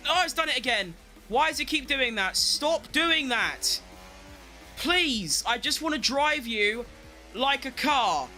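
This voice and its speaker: A young man giving excitable live commentary on his racing game, talking to himself and swearing at rivals and his car. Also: very high voice, normal speed, faint music behind. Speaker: game streamer.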